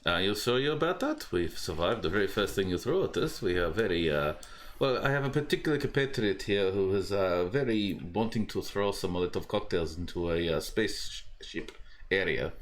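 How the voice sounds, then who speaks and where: A man's voice: sits low, lively intonation, normal speed, a little hiss or hum. A man playing a tabletop game, speaking in character as he stalls and probes over a call. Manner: probing, stalling negotiator. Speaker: player. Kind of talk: in-character tabletop role-play.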